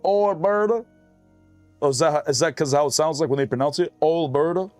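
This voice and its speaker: A man's voice: a little high, steady tone, very fast, dry recording, faint music behind. A man streaming a game, chatting casually and profanely while reading his chat aloud.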